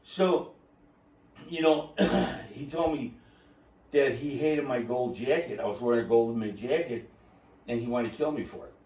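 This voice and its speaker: A man hosting a podcast, telling a story in a lively, laughing way and acting out quotes. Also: mid-range voice, measured pace, pauses often. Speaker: podcast host. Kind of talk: casual storytelling chat. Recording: roomy, distant mic.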